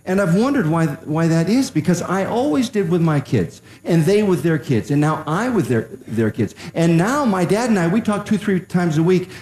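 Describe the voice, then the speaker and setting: An older man telling a humorous family story to a live audience, chatty with pauses and restarts. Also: sits high, animated, a little mellow. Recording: roomy echo.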